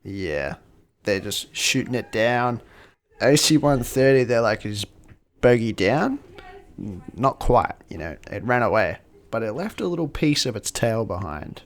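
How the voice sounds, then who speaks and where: A man's voice: mid-range voice, normal speed. A man co-hosting a podcast, casually recapping a film with lots of swearing. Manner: profane, animated retelling. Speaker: podcast co-host.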